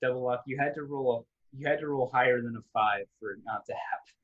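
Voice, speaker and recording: Husky-voiced man running a tabletop game. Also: medium pitch, fast, a bit bright, dull audio. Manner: casual, loose narration full of "like" and restarts. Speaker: game master.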